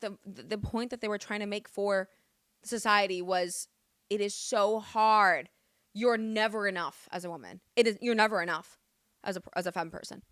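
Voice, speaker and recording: A woman's voice: medium pitch, fairly bright tone, no echo, clean studio sound. A young woman vlogging her opinions in a casual, emphatic chat, full of restarts and swearing.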